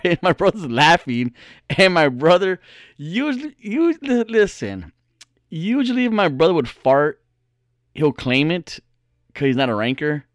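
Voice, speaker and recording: A man with a slightly high voice tells a story in a lively, swinging way, laughing often and swearing freely. The recording is close and dry, with no room sound. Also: normal speed, no room sound. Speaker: storyteller talking to viewers. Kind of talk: casual storytelling.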